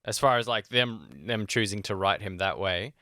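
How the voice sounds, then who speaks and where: A man's voice: fairly low pitch, moderate pace, pushed and bright, no room sound, studio quality. A man co-hosting a podcast in casual chat, rambling and leaning on "like" and "you know". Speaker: podcast co-host.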